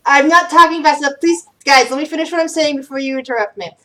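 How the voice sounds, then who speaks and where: A woman voicing a paranoid mad male mage who shouts frantically. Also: sits high, moderate pace, pitched above the performer's own voice, close to an everyday voice. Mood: frantic.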